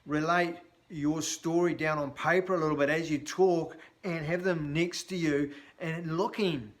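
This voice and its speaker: A man's voice: on the high side, a little slow. Chatty, blunt man coaching on sales. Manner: blunt, chatty, animated, with frequent fillers. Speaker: sales trainer. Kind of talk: casual instructional talk to camera.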